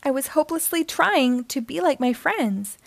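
A high, earnest little girl seahorse, as a woman reading a storybook puts her on, bright and eager in a gentle sing-song rhyme. The sound is close and dry, with no room around it. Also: animated, moderate pace, creaky, dry recording. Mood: cheerful.

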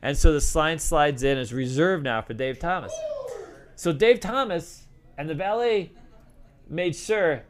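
A man's voice: fairly high pitch, measured pace, background noise. A middle-aged man, a former craps dealer, answering questions and telling stories in a rambling, casual way full of fillers and restarts. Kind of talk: casual storytelling Q&A.

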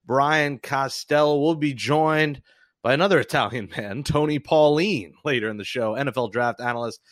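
A man hosting a sports podcast, talking in a chatty, joking way with quick asides. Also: mid-range voice, fairly bright tone, no room sound, studio quality. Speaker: podcast host. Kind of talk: casual sports podcast chat.

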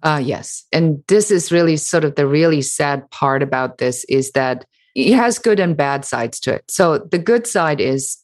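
Low-voiced woman, emphatic interview guest. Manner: animated, emphatic, mocking quoted critics. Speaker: author and entrepreneur, guest. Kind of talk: interview answer.

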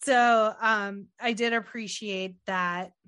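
A woman chatting casually about a movie, retelling scenes in an animated way and swearing offhandedly. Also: medium pitch, takes it slowly, smooth. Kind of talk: casual movie recap chat.

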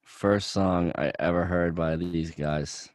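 A man's voice: low-pitched, steady tone, takes it slowly, no echo. A young man and podcast co-host in casual chat. He is laid-back and swears freely, chiming in with short agreements.

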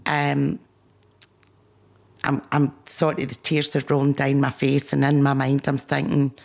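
A woman's voice: a little slow, creaky. A woman telling her business story in an interview, acting out the dialogue with animation. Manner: animated, acts out dialogue with rising pitch. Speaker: guest, business founder. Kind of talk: storytelling in conversation.

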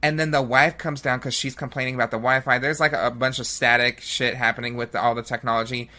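A woman with a sharp, bright tone talks through a film in relaxed podcast chat. She swears often and acts out the characters' lines as she goes. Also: rumbling low, quick pace. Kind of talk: casual film review chat.

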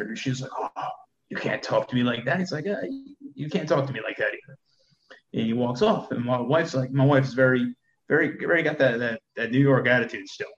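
A man in his thirties, a soldier, talking candidly in a casual conversation and often repeating words as he thinks. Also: medium pitch. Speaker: soldier guest. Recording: dull echoey room sound.

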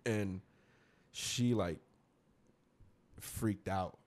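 A man's voice: sits low, very slow, darkish tone. A man telling a rambling, slangy story in a casual chat with friends. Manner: rambling, slangy, quotes others mid-story.

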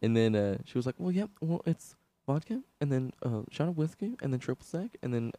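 A man's voice: mid-range voice, big pitch swings, fairly quick, dark tone, no echo. A young man co-hosting a comedy podcast, rambling through crude stories and laughing often. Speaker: podcast co-host. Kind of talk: casual chat. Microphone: studio microphone.

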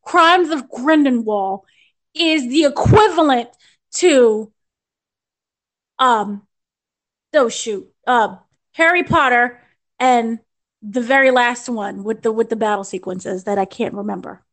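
Young american woman, high voice, gushing podcast film review, rambling. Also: slow pace, pauses often. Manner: gushing, rambling with restarts and fillers. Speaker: entertainment editor reviewing a film.

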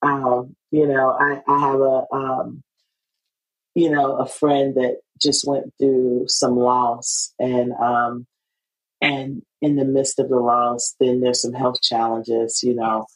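A woman with a low voice hosts a podcast conversation. She talks casually and animatedly, often restarting her sentences and breaking into laughter. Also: flat delivery, slow pace, poor audio. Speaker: podcast host. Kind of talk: casual interview chat.

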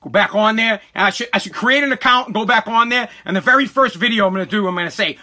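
A man's voice: sits high, fast talker, hardly any pauses, bright, forceful tone. A man hosting a solo podcast, ranting in a profane, agitated way and stammering often. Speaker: podcast host.

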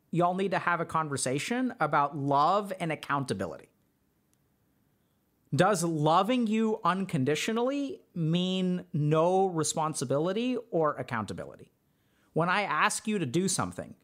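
A man's voice: a little high, fairly bright tone. Earnest man giving relationship advice. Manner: conversational, earnest, many fillers. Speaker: podcast host and mental health doctor. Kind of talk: casual advice talk.

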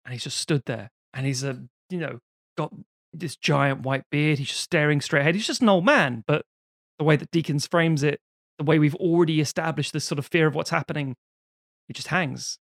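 A man's voice: a little high, brisk, fairly bright tone, no echo, studio quality. A man co-hosting a podcast, chatting casually and animatedly with many restarts and swearing. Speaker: podcast co-host. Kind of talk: casual film discussion.

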